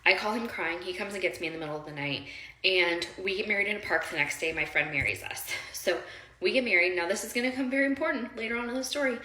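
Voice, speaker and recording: Speaking fast in a bright, forceful, mid-range voice, a woman casually tells her viewers a story from her own past. It's rambling and heartfelt, loaded with fillers and direct asides to the audience, and the room gives a roomy echo.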